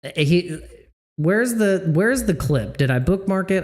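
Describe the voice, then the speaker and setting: Male crypto vlogger, from Mississippi, lively swooping pitch, sarcastic casual rant. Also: unhurried. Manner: animated, sarcastic, swearing. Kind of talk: casual ranting commentary.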